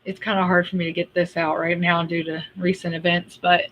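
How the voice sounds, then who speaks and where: A woman's voice: fairly low pitch, level tone, brisk, fairly bright tone, slight background noise. A woman hosting a casual livestream, talking bluntly and ranting in an exasperated way, with frequent laughs. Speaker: livestream host.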